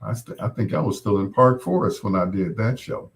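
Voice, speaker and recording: A man's voice: lowish voice, fairly quick, creaky, a little hiss or hum. A man hosting a radio music show in casual, rambling on-air chat. He jokes and laughs often.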